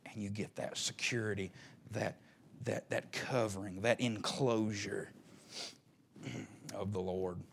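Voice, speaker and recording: A man preaching a sermon with passion, rising to loud peaks and dropping to hushed murmurs. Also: fairly low pitch, steady tone, slow pace, gravelly, pauses often, a little hiss or hum. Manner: impassioned, swinging from loud rises to hushed murmurs.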